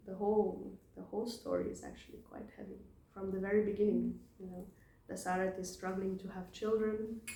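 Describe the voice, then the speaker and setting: A devotee casually retells scripture stories in a chatty manner, laughing often. Her medium-pitched voice has a dark tone, with roomy sound and a little hiss or hum.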